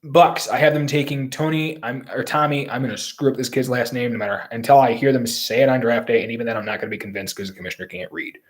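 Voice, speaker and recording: A man talking through draft picks on his own in a rambling, opinionated way. His voice sits at an everyday middle pitch. He leans hard on his points and restarts sentences as he goes. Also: quick pace, few pauses. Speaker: sports commentator. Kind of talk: solo football draft commentary.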